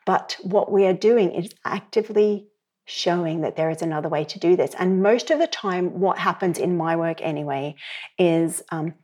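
A middle-aged woman with a lowish, husky voice, speaking as a parenting educator in a relaxed podcast interview. She tells her stories with energy and acts out the people she quotes. Her rasp stays light and never turns harsh. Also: normal speed. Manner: lively storyteller who acts out quoted voices.

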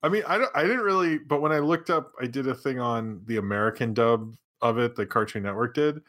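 A man's voice: mid-range voice, brisk. A man co-hosting a podcast, chatting casually with lots of fillers and restarts. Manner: rambling, filler-heavy, lively. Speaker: podcast co-host. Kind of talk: casual chat.

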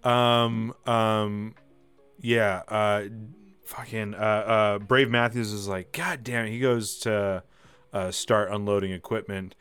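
A man's voice: fairly low pitch, little pitch movement, slow pace, fairly bright tone, clear, resonant tone, soft background music. A man running a live tabletop game as game master, narrating casually with many fillers and restarts.

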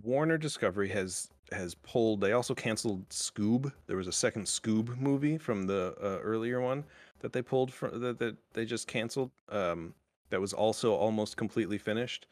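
A man hosting a casual podcast chat, talking in a halting way with many fillers and restarts. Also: lowish voice, dry recording. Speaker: podcast host.

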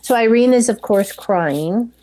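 A woman's voice: fairly high pitch, expressive, measured pace, warm tone, a little hiss or hum. A woman chatting casually, summarizing a film's plot step by step. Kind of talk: casual chat retelling a film.

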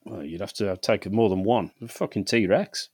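A middle-aged man co-hosting a podcast, telling stories in a sweary, animated way and laughing often. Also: on the low side, moderate pace, slightly rough, no echo, clean studio sound. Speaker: podcast co-host. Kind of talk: casual chat.

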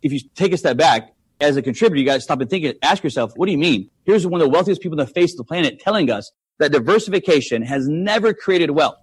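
A man's voice: a little high, expressive, very fast, few pauses, breathy edge, no room sound. A man talking money on a podcast, emphatic, full of rhetorical questions. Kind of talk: casual podcast chat.

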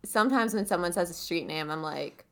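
A woman's voice: lowish voice, a little fast. A woman from the Cleveland area with a Cleveland accent, co-hosting a podcast in chatty, playful casual talk. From Cleveland area, Ohio. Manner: chatty, lots of likes, playful mock indignation. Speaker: podcast co-host. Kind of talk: casual chat.

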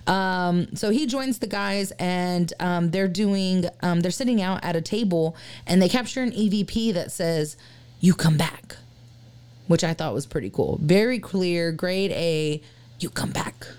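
A woman's voice: lowish voice, a little slow, few pauses, darkish tone, smooth. Upbeat slangy woman podcast co-host. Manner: upbeat and slangy, says "hell yeah, baby". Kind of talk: casual chat.

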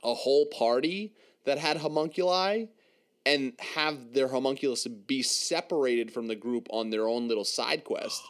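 A man's voice: mid-range voice, moderate pace. A man hosting a casual podcast chat, talking playfully about tabletop roleplaying. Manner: animated, playful. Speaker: podcast host.

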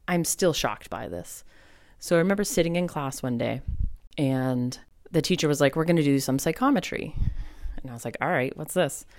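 A middle-aged woman hosting a podcast, telling a personal story in a casual, animated way and acting out her own reactions. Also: a bass voice, no echo, studio quality. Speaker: podcast host, psychic medium.

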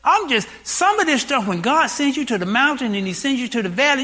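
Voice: high voice, big pitch swings, brisk, hardly any pauses, bright, forceful tone. A pastor in their sixties preaching a sermon, full of rhetorical questions. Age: 60s.

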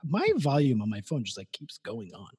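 Joking, animated man with a husky voice. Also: medium pitch, a little fast. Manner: animated, joking, reads out comments. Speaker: podcast co-host. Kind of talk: casual chat. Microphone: video call.

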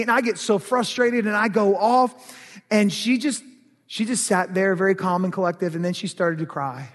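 High-voiced man preaching in a reverberant hall. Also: a little fast. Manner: lively, animated preaching, grows heated and loud in places. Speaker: pastor. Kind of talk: sermon with personal storytelling.

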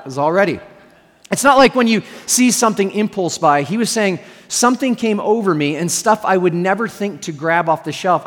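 A man preaching a sermon as pastor, telling a story with humorous asides to his congregation. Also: high-pitched. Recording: long hall reverb.

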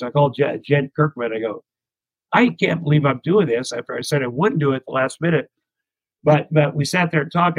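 A middle-aged American comedian, appearing as an interview guest, tells candid anecdotes in a rambling, self-deprecating way. His voice is mid-range, and the recording is dry with dull audio.

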